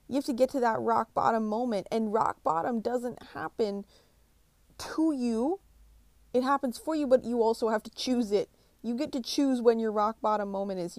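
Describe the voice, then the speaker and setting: A woman's voice: fairly high pitch, moderate pace, darkish tone, no room sound. Blunt, foul-mouthed motivational woman. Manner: blunt, swears constantly, pushy pep talk. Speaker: motivational speaker. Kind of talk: profane motivational monologue.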